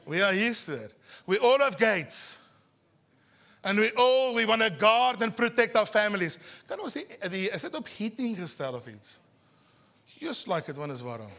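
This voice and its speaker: A man from South Africa with an Afrikaans South African accent, preaching a sermon at a church service in an animated, teasing way, slowing his words for emphasis. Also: sits high. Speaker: pastor.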